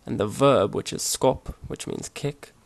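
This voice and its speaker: A man explaining grammar over his slides in a relaxed, hesitant way, with many fillers and restarts. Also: mid-range voice, unhurried, gravelly. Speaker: language teacher. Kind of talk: casual slide-based language lesson.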